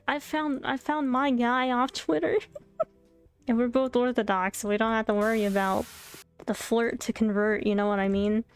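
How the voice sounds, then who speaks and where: Chatty young woman streamer with a high, lively voice over quiet background music. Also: smooth. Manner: animated, chatty, laughs often, exasperated outbursts. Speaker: VTuber streamer. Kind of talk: casual storytime chat while playing a game.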